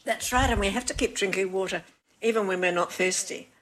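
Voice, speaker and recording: A woman's voice: mid-range voice, fairly quick, a bit bright, slight background noise, low-quality recording. An older woman hosting a casual chat, frank and wry, poking fun at herself. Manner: frank, wry and self-mocking.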